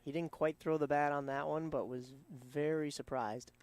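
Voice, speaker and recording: A man giving color commentary at a high school baseball game, relaxed and analytical. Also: normal speed, smooth.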